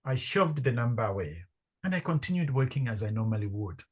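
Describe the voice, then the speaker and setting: Man from zambia, husky voice, middle-aged, animated storyteller, podcast guest. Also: mid-range voice, brisk. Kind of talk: storytelling in conversation.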